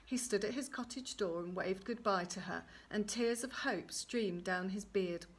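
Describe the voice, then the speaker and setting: A woman storyteller reading a traditional fairy tale aloud, her telling gently expressive. Her voice sits at a medium pitch. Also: a little slow, breathy edge.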